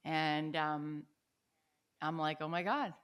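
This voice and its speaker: A woman in her forties from the United States, a podcast guest telling personal stories in an animated, enthusiastic way and often checking in with "right?". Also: low-pitched, takes it slowly, clean tone. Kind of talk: conversational storytelling interview.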